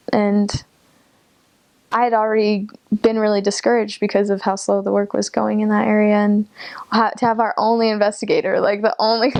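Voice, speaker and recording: A woman's voice: medium pitch, vocal fry, darkish tone. Chatty young woman telling a story. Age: young adult. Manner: casual and chatty, many fillers and laughs. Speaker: returned missionary. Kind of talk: personal story in an interview.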